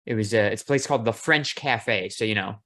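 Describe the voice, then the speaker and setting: A man hosting a casual podcast, talking in a relaxed, easygoing way and swearing casually. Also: fairly low pitch, fairly quick. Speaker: podcast host. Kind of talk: casual chat.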